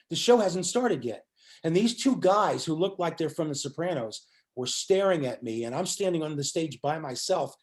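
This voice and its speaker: An older man, a musician, recounts a story as a guest. He voices the quotes of the people in it with animation, and his voice sits slightly high. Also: a little mellow. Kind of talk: storytelling in an interview.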